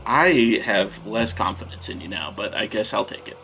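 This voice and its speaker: A man's voice: on the low side, expressive, normal speed, creaky, bright, forceful tone, soft background music, low-quality recording. A man playing a tabletop role-playing game, talking casually and hesitantly, joking with the others.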